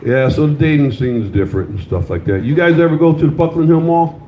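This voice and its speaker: A man's voice: on the high side, expressive, fast talker, a little hiss or hum. An older man performing a loose, crude stand-up set, telling stories and teasing the audience in a comedy club. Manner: loose, crude storytelling with crowd banter. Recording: slightly dull, roomy live club sound.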